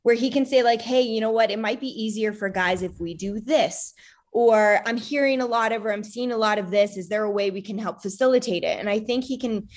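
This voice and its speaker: A woman's voice: on the high side, fairly quick. A woman in her thirties talking casually as an interview guest, chatty with many fillers and acting out quoted lines. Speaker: guest, wife of a retired fighter.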